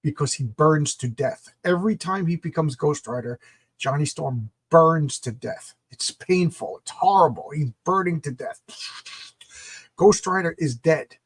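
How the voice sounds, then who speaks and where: A man's voice: fairly high pitch, a little slow, breathy edge, no echo. A middle-aged man reviewing comic books in a casual, enthusiastic, rambling way. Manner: enthusiastic, rambling, repeats words.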